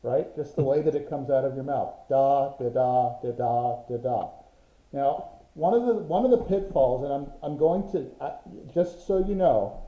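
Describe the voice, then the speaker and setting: A man's voice: fairly high pitch, animated, moderate pace, few pauses. A man teaching an online Morse code class, patient and methodical, sounding out rhythms with his voice. The sound is roomy and a bit dull, like a lo-fi video call. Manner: patient, explains with examples and rhythmic vocal sounds.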